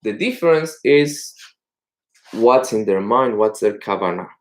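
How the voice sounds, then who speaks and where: A male rabbi teaching a text-study class, explaining passages and telling stories in an animated way. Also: lowish voice, unhurried. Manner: animated storytelling, acts out characters.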